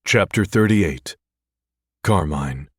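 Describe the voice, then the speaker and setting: A man's voice: deep voice, animated, takes it slowly, breathy edge, dry recording, clean studio sound. A man narrating a first-person romance audiobook in a tense, brooding way.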